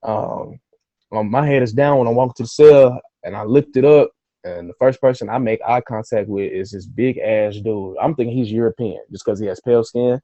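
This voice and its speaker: A man guest on a podcast, telling a story in a casual, animated way, swearing freely and acting out his own reactions. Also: medium pitch, normal speed, no room sound, dull audio.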